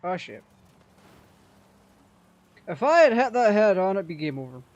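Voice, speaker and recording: A man casually commenting on his racing game, sweary and quick to rage at the game. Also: sits high, big pitch swings, dry recording, highs cut off. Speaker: gaming channel host.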